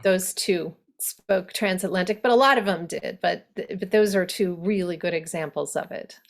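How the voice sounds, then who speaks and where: A woman dialect coach teaching an online workshop over a video call, speaking with animated enthusiasm. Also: lowish voice, moderate pace. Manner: animated, enthusiastic, laughs easily.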